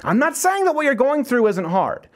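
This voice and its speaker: A man's voice: very high-pitched, sing-song, moderate pace. A man hosting a talk show, delivering an emphatic motivational monologue full of repeated phrases.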